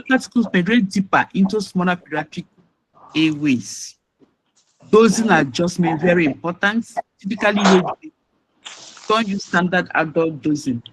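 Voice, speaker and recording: A man lecturing on respiratory pharmacology, in a halting way with restarts and key words stressed. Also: high voice, background noise.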